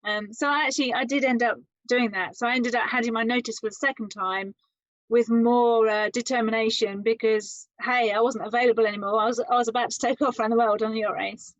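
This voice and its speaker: A woman guest telling her story in an interview, lively and quoting others in acted voices. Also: on the high side, a little fast, dry recording. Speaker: interview guest, adventure psychologist. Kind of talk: conversational storytelling. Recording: slightly muffled, dry sound.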